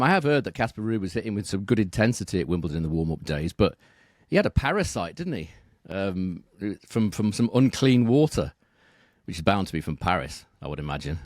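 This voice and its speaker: A man with a lowish voice talks tennis betting on a podcast. He is steady and measured, reels off statistics, and tacks questions onto the ends of his sentences. The recording is dry and close, with no room sound. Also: dry recording. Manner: measured, reels off stats, asks tag questions. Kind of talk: casual podcast analysis.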